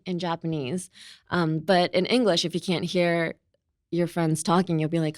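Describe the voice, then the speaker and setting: A woman's voice: lowish voice, little pitch movement, normal speed, dry recording. Brief: young woman, lesson host, giggly and chatty, dry studio mic. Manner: chatty, laughs often, mixes in Japanese. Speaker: host and English teacher. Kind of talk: casual language lesson.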